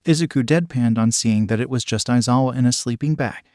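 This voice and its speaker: A man narrates a fanfiction story in an even, matter-of-fact read. His voice sits at a middle pitch. The recording is dry and close, with no room sound. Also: a little fast, no echo. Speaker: fanfiction reader. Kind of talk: scripted narration.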